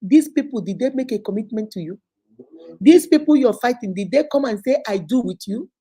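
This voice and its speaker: A woman hosting an advice show, talking in a casual, animated way and firing rhetorical questions at her listeners. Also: a little high, brisk, slightly rough.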